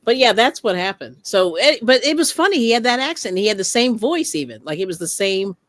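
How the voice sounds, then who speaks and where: A woman hosting a casual craft chat, telling stories in a lively way, laughing often and greeting viewers. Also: mid-range voice, fairly quick, dry recording. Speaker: host.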